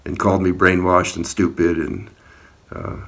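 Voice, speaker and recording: A man's voice: deep voice, little pitch movement, normal speed, creaky, a bit bright. A man giving an earnest personal account in a video, talking about an encounter outdoors, speaking plainly and sometimes heatedly. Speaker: activist recounting an encounter.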